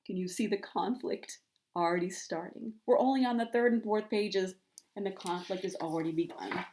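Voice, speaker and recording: A woman who is a school counselor, reading a picture book aloud to young children and talking to them in a gentle, encouraging way. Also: medium pitch, normal speed. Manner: gentle, encouraging teacher talk.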